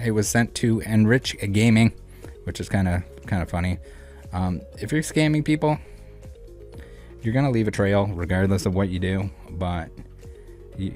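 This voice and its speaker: A man hosting a casual commentary video, talking in a rambling, blunt way with many fillers. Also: fairly low pitch. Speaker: channel host.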